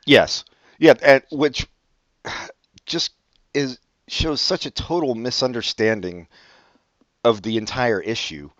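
A man's voice: mid-range voice, takes it slowly, long pauses, fairly bright tone, no echo, highs cut off. A man co-hosting a casual podcast chat, wry and swearing casually, often restarting his sentences. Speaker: podcast co-host.

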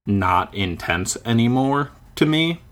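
A man's voice: mid-range voice, expressive, slow pace, a bit bright. A man in his thirties chatting casually, rambling and searching for words with lots of filler. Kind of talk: casual chat.

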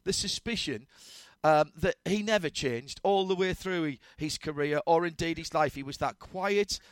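A male radio host chatting from a studio, pitched a little high, and the sound is dry and close. He rambles through his memories, restarting his sentences as he goes. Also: moderate pace, dry recording. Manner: rambling, warm storytelling with many restarts. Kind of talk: casual chat.

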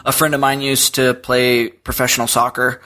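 A man chats loosely as a podcast guest, talking over a remote call. His voice has a bright, forward edge. He wanders through his points with plenty of ums and half-finished restarts. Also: mid-range voice, little pitch movement. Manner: rambling, halting with fillers. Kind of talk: casual chat.

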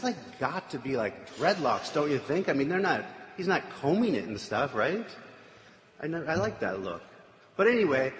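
A man casually retelling a scripture story with chatty, wry asides. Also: medium pitch. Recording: echoey hall, faint room noise.

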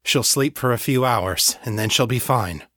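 Calm, reasonable man, steady and reassuring, in the narrator's own voice; dry read. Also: mid-range voice, normal speed, no room sound, natural voice.

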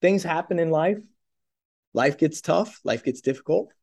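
A man's voice: on the high side, animated, a little slow, vocal fry, darkish tone. A young man preaching a sermon in a conversational way, with many fillers and repeated rhetorical questions. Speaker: pastor.

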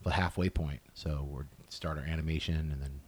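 A man in casual podcast chat, talking in a relaxed, halting way and laughing at himself. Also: rumbling low, slightly rough. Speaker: guest, animation director.

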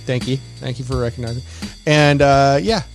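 A man's voice: mid-range voice, steady tone, normal speed, faint music behind. A man co-hosting a podcast, chatting playfully and joking with his co-hosts, often rambling and restarting his sentences. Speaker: podcast co-host. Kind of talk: casual podcast banter.

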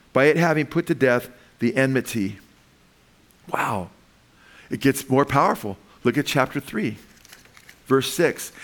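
A man preaching a sermon as pastor, reading scripture slowly and rising in pitch and volume to stress points, asking the congregation questions. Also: a bit bright. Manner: reads verses slowly, asks the congregation questions.

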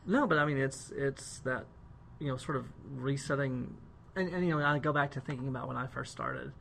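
Creaky-voiced male co-host, chatty and joking. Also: mid-range voice, a little fast, a bit bright, a little hiss or hum. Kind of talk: casual podcast conversation.

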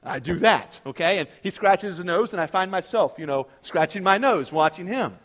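A middle-aged man preaching a sermon, telling a story in an animated way and often checking in with the listeners. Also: sits high, moderate pace. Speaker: pastor.

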